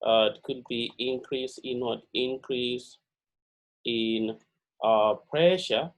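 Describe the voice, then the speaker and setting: A man giving a pre-lab chemistry lecture, halting and full of "uh" and "all right" fillers, repeating key words for emphasis. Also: mid-range voice, rough recording.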